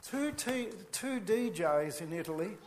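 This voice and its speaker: A man's voice: high-pitched, animated, a little slow, a little hiss or hum. A man preaching a sermon, earnest and emphatic, with chatty asides to the congregation.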